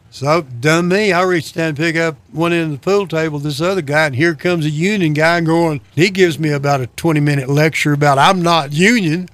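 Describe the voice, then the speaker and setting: Interview guest, man, slightly higher voice, easygoing anecdotal storyteller. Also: a bit bright, no echo. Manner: folksy, self-deprecating, chuckles between lines. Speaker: guest telling stories.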